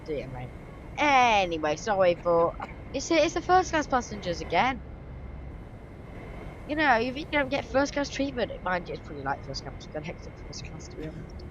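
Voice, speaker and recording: A woman's voice: medium pitch, sing-song, normal speed, highs cut off. A woman giving chatty, self-correcting commentary while she plays a game. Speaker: channel host. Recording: train engine noise underneath.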